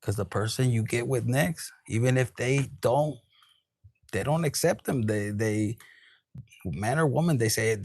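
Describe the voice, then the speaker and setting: A man giving a casual, animated tarot reading straight to camera, swearing freely and dropping into quoted voices and bits of Spanish. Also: mid-range voice, measured pace, creaky, dry recording, clean studio sound. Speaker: tarot reader.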